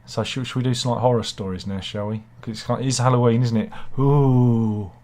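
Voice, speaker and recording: A British man talks through the news in a loose, rambling way, breaking off into self-deprecating asides. His voice sits at an ordinary middle pitch for a man. He sounds like a casual chat host. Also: steady tone, fast talker, a little mellow.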